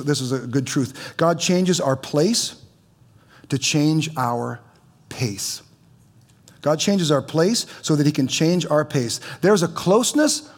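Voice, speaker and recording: A man preaching as a pastor in a church, conversational, with stammering restarts and teasing humor. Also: a little high. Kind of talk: sermon.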